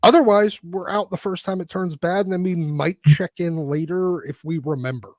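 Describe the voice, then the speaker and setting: Male panelist, slightly high voice, dry close sound; argues by listing examples. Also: steady tone, normal speed, a little mellow, no echo. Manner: argumentative, lists examples, hesitant fillers. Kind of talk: casual panel discussion.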